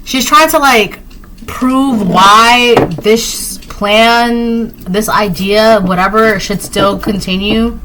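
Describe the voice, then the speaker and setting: A woman's voice: fairly high pitch, slow pace, noisy background. A woman giving a casual spoken tarot reading, rambling with lots of fillers and repeated phrases. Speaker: tarot reader.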